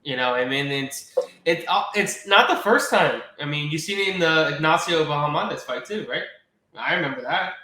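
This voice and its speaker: A man's voice: a little high, moderate pace, bright, forceful tone, reverberant, a little hiss or hum, rough recording. A man interviewing a guest in casual chat, agreeing often and asking short follow-up questions.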